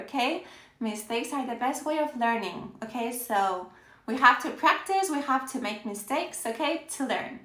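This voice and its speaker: Spanish-accented woman, upbeat live teacher, bright tone, echoey room. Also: fairly high pitch. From Spain. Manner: upbeat, checks in with "okay?" after nearly every phrase. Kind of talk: live-streamed language lesson.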